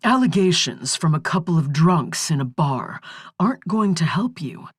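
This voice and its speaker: A woman narrator voicing a defense lawyer who speaks in a soothing, measured way, in an audiobook. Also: lowish voice, very animated, slightly rough, dry recording, studio quality. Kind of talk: audiobook character voice.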